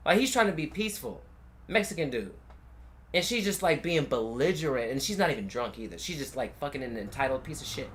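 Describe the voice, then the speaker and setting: A young Californian man tells stories in casual conversation, cursing freely and acting out the people he quotes. His voice is mid-range and his pace brisk.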